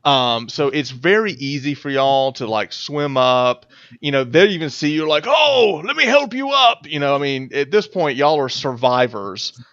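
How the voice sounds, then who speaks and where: A man's voice: medium pitch, normal speed, a bit bright, clean tone. A man running a tabletop game as game master, talking casually with many fillers and repeated words. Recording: dull lo-fi audio, dry.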